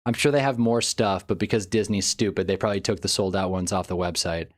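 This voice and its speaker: A man's voice: low voice, fairly even intonation, quick pace. Rambling male streamer chatting casually. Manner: rambling, reactive, laughs often; talks to chat while browsing online. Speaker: live streamer. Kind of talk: casual live-stream chat.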